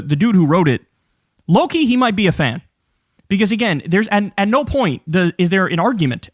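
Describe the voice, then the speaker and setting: A high-pitched man in his 30s, a political commentator, gives profane, animated reaction commentary on a live stream.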